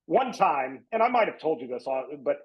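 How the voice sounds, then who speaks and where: A man tells a sports anecdote in a lively, chatty way, stumbling over restarts and breaking into laughter. His voice sits a little high. The audio is muffled and lo-fi. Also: a little fast. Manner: animated, laughing anecdote-teller with many restarts. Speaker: sportswriter, weekly guest. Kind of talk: casual podcast storytelling.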